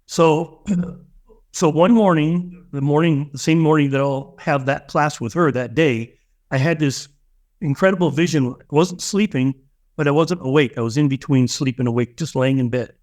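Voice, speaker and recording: Interview guest: a man with a slightly high voice, earnest and emotional, storytelling with restarts. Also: moderate pace, a little mellow. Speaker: guest, spiritual teacher.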